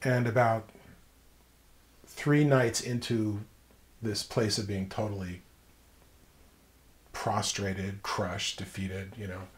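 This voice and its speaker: A man, likely in his thirties or forties, telling a personal story as an interview guest, reflective and emphatic with pauses. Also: lowish voice, fairly even intonation.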